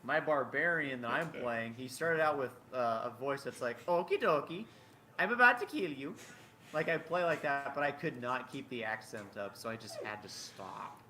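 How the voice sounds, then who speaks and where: A young man co-hosting a podcast in casual chat, rambling and excitable with lots of fillers. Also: mid-range voice, normal speed, hardly any pauses. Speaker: podcast co-host. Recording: noisy recording.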